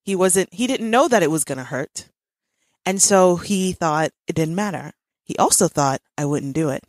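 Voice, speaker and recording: A woman in her thirties chats as a podcast host, spinning a story with bursts of laughter. Her voice sits a little low. The sound is dry and close, with no room around it. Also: moderate pace, no room sound. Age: 30s. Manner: animated storytelling with frequent laughs. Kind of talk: casual chat.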